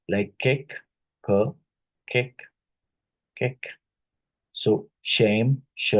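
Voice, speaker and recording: Male teacher, deep and mellow voice, steady explaining lecture style. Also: breathy edge, poor audio. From India. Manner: unhurried, with frequent tag questions like "right?". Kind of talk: exam-prep phonetics lecture.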